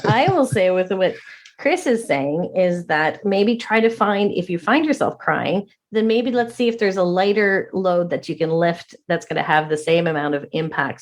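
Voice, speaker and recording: A woman co-hosting a podcast, giving practical and encouraging advice in casual chat. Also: lowish voice. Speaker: podcast co-host.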